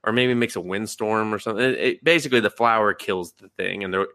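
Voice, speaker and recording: In a dry, studio-quality recording, a young male podcast co-host briskly runs through an anime recap, profane and animated, voicing reactions as he acts them out. His voice sits on the low side.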